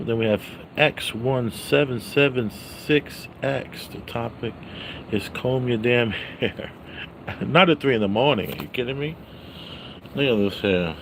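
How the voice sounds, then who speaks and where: A man reviewing a movie on a casual livestream, greeting viewers by name and loudly repeating his catchphrases. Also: lowish voice, a little hiss or hum.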